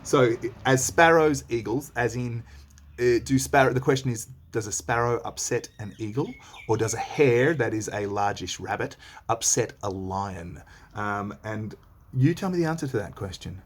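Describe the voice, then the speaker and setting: A man's voice: mid-range voice, normal speed, a little hiss or hum. A man teaching a read-along lesson, reading lines aloud and explaining them in a chatty, slangy way.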